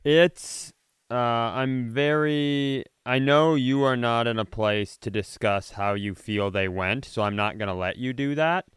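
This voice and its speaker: A podcast co-host chatting casually, supportive and quick when he makes a point. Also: medium pitch, fairly bright tone, clean tone, no room sound. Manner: supportive, quick reflective talk. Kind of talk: casual chat.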